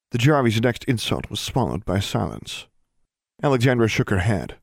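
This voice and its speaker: Man reading a story aloud, steady, measured, gravelly, low. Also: no echo, studio quality. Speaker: audiobook narrator. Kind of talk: audiobook narration.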